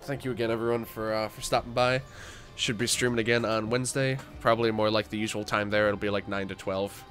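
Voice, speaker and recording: A man's voice: fairly low pitch, level tone, quick pace, few pauses, a bit bright, soft background music. Sick, tired young man livestreaming a game. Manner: chatty, reads chat aloud, frequent fillers and restarts. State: sick and tired, croaky voice cracks. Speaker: gaming livestreamer. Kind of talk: casual livestream commentary.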